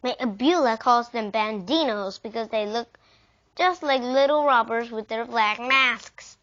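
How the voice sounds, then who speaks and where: A woman's voice: on the high side, a little slow, fairly bright tone. A woman reading aloud, voicing a friendly young schoolgirl in a storybook. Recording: dull lo-fi recording.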